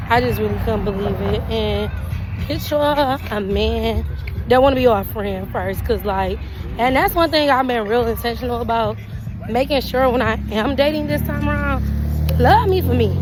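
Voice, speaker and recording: A young woman telling a storytime vent to camera, animated and indignant, acting out her own side of the exchanges. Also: a little high, background noise. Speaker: vlogger.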